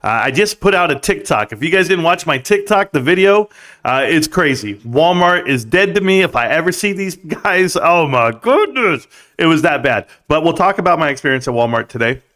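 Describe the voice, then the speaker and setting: A man with a fairly high voice hosts a late-night stock livestream. He talks in a hyped, rambling way and pumps up his viewers. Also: animated, normal speed, fairly bright tone. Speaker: livestream host. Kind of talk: casual stock-market livestream talk.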